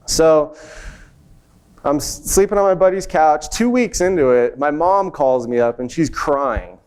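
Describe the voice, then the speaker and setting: A young man speaking to an event audience in a slightly high, smooth and resonant voice. He tells his own story with animated energy and slips into the voices of the people he quotes. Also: measured pace. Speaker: conference speaker. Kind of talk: personal success story told on stage. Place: event stage before an audience.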